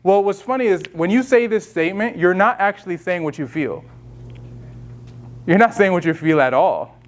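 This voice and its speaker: A man's voice: high-pitched, lively intonation, normal speed. A man leading a self-care session, talking through emotions in a casual, conversational way, full of fillers and restarts. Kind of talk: casual teaching talk.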